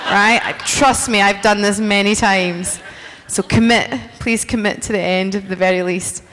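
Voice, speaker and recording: A woman's voice: mid-range voice, fairly even intonation, moderate pace, noisy background. A woman at a convention, playfully coaching a crowd through a silly dance and laughing as she talks. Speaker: convention guest leading a dance. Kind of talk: lively live-audience banter. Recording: long hall reverb.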